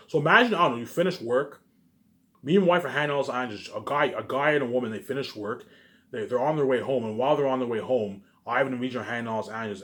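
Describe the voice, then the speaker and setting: A man's voice: medium pitch, fairly bright tone. A man giving a rambling, repetitive monologue to camera that turns into a heated rant, with frequent swearing. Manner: swears often, keeps saying "obviously". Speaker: vlogger.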